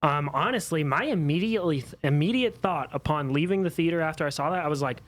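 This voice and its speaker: Talking fast with an expressive, high-leaning voice, this podcast co-host argues passionately in casual chat, challenging views he disagrees with.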